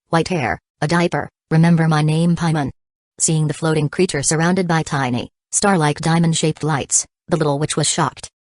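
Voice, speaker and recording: A woman narrating an audiobook in an even, steady storytelling manner. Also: deep voice, no room sound.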